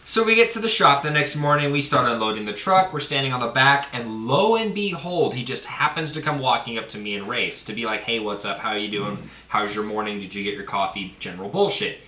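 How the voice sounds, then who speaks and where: A man casually telling a story on a podcast, laughing and acting out quotes loudly. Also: medium pitch, expressive, a little fast, hardly any pauses, distant mic. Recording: echoey room, voice a bit off-mic, faint ambience.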